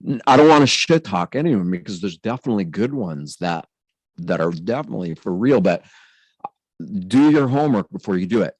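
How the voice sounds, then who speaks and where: A man's voice: lowish voice, lively intonation, fairly quick, a little mellow, breathy edge, no echo, rough recording. A man giving an earnest personal testimony in spiritual terms, speaking intensely as the host of his own channel.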